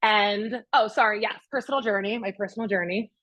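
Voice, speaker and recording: Speaking briskly at a medium pitch, a young adult real estate agent tells a master class a personal story, voicing her own past words and those of others. The lo-fi sound has no echo.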